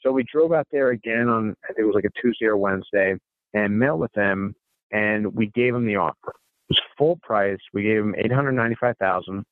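A man's voice: lowish voice, brisk, no echo. Male investor guest, casual anecdote delivery with quoted lines, heard through a thin, dry phone-style signal. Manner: recounts dialogue in quoted snippets, frequent restarts. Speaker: podcast guest, real estate investor. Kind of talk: conversational storytelling. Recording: phone-like narrow sound, dry.

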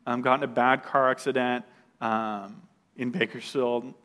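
A man's voice: medium pitch, steady tone, measured pace, fairly bright tone. A man sharing a personal testimony in a loose, conversational way, with fillers and restarts and an occasional laugh at himself. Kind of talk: casual personal testimony storytelling.

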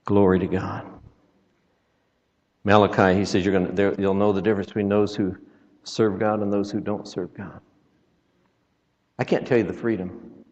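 Male traveling preacher, folksy and joking, deep-ish voice, muffled recording. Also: little pitch movement, moderate pace, pauses often, a little mellow. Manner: folksy, joking asides, quotes scripture. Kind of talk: sermon. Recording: reverberant, dull lo-fi sound.

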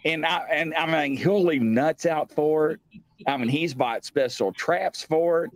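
A man's voice: a little high, measured pace, dry recording. A man hosting a casual live stream, rambling through stories, laughing and swearing often. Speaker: host.

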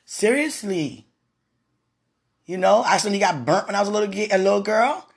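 A woman with a medium-pitched, husky voice and vocal fry talks animatedly and fairly quickly on her podcast. She chats through personal stories, laughs often, and speaks about her faith.

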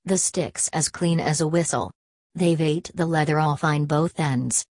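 A woman's voice: sits low, unhurried, darkish tone, no room sound, studio quality. A woman voicing a gloomy, stubborn male frontier trapper who grumbles in backwoods dialect. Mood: grumbling.

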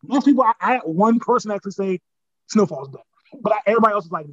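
A young man co-hosting a podcast, chatting casually, quick and profane, laughing often and calling friends "dog". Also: high-pitched, a bit bright, no room sound. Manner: rapid, profane, laughing, says "dog" a lot. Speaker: podcast co-host. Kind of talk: casual chat. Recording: slightly dull lo-fi podcast audio.

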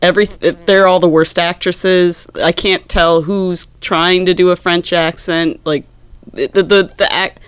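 A man co-hosting a casual movie-review podcast, speaking in a measured, critical way. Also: high voice, steady tone, fairly bright tone, smooth. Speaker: podcast co-host.

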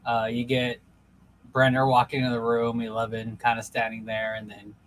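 A man's voice: medium pitch, completely flat delivery, moderate pace, fairly bright tone, poor audio. A young man co-hosting a casual chat, rambling with many fillers and restarts. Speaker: podcast co-host.

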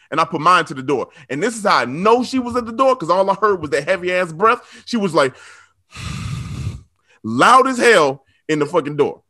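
Laughing often and full of energy, this South Side Chicago storyteller works a comedy show with slangy asides to the crowd. His voice is high and bright as he spins his comic tales.

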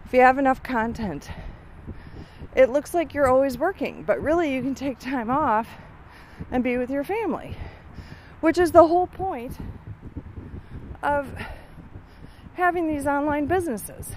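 A woman's voice: sits high, expressive, measured pace, long pauses, a little mellow, a little hiss or hum. Rambling middle-aged woman walking outdoors. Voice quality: weak lungs from years of smoking. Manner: rambling, thinking aloud with many fillers. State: out of breath from walking uphill. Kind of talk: casual walking vlog monologue. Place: outdoors on a walk.

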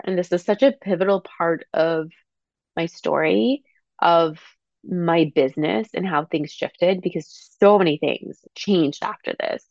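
Young woman, lowish voice, emotional podcast storytelling, lots of swearing and "like", dry close mic, slightly dull sound. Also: gravelly, a little mellow, no room sound. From Canada. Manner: emotional, swears freely, says "like" a lot. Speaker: podcast host.

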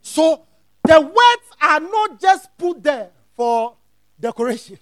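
Male pastor, very high and lively voice, slow deliberate teaching, dry close sound, repeats himself and checks on listeners. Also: dry recording. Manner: repeats phrases, checks listeners are following; rises into shouted, sing-song emphasis. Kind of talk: sermon teaching.

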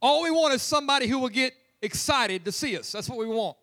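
A man's voice: very high-pitched, lively intonation, fast talker, sharp tone. A man preaching a humorous, conversational sermon as pastor in a church. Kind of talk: lively sermon. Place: church sanctuary.

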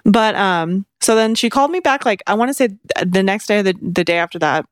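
In easygoing podcast talk, a young co-host animatedly recounts a story, often laughing and mimicking people's words in a high voice. She speaks briskly, and the sound is clean studio audio with no room sound.

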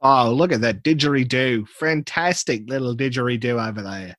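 A man's voice: mid-range voice, normal speed, crowd noise, natural voice. A British man putting on an exaggerated Australian accent, playing a cheery stereotyped Australian bloke. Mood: hammy. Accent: put-on Australian. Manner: exaggerated, hammy.

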